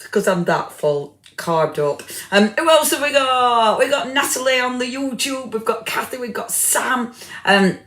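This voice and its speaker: A woman's voice: fairly high pitch, expressive, a little slow. A woman hosting a craft live stream, chatting casually and greeting viewers by name, tired after a big dinner. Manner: chatty, warm greetings, many fillers, self-deprecating. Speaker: livestream craft host. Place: home craft room. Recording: echoey room.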